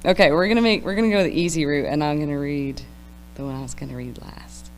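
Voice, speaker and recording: A woman's voice: low-pitched, fast talker, long reverb tail, a little hiss or hum. A woman reading her poems at an open mic night, with casual, self-deprecating asides between them. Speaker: poetry reader. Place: library event room.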